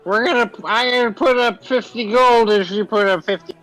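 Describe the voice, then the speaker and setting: A man's voice: very high-pitched, normal speed, a bit bright, soft background music, poor audio. A man playing a tabletop game, talking in character as a boastful goblin with hammy banter. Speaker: player.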